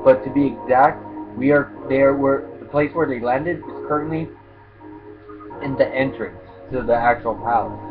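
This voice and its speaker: A man's voice: mid-range voice, fairly even intonation, moderate pace, music in the background. Casual young man on a tinny mic. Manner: laid-back, swears often, stumbles and restarts while recapping. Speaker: manga reviewer. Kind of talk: casual chapter review. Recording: tinny phone-like lo-fi audio.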